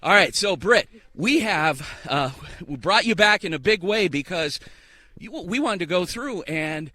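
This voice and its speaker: A man's voice: high-pitched, expressive, measured pace, pushed and bright. A man hosting a sports radio show live while speed walking outdoors, out of breath and stumbling over his words into a handheld microphone. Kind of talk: live remote broadcast chat. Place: outdoors walking to a softball field. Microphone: handheld microphone with a portable broadcast unit.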